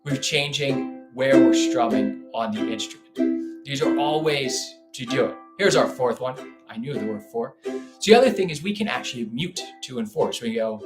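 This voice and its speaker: A man teaching a live online ukulele lesson in a relaxed, chatty way, scatting rhythms aloud as he demonstrates. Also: mid-range voice, moderate pace, reverberant, loud music behind the voice. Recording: ukulele playing loudly behind the voice. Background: ukulele playing.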